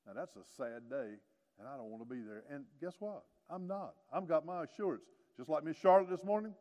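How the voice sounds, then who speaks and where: A man in his sixties preaching a sermon, swinging from hushed lows to loud emphatic peaks, with folksy joking asides. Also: expressive, a little fast. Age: 60s. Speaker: pastor. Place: church sanctuary. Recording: long reverb of a church hall.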